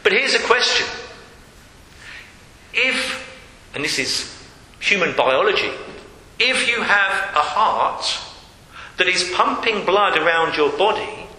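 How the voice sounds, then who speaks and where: A man's voice: sits high, sharp tone. A man preaching a sermon in a church hall, earnest and repeating key phrases for emphasis. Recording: echoey hall with long reverb.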